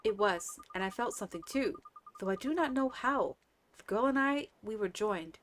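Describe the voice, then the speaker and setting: A woman voicing a dreamy little village girl in a gentle, wondering way. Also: medium pitch, lively intonation, moderate pace, a little hiss or hum, natural voice. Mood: wistful.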